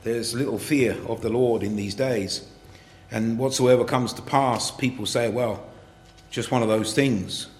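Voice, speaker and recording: A male preacher gives an earnest sermon, reading old scripture wording and pressing his points with rising emphasis. His medium-pitched voice rings through an echoey church hall. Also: steady tone, a little slow, a little mellow.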